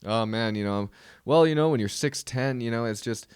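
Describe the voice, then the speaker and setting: A man's voice: medium pitch, a little fast, a little mellow, clean tone, no room sound, clean studio sound, natural voice. A man putting on a mocking, whiny impression of a boastful tall man who pities himself for his height. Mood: bragging.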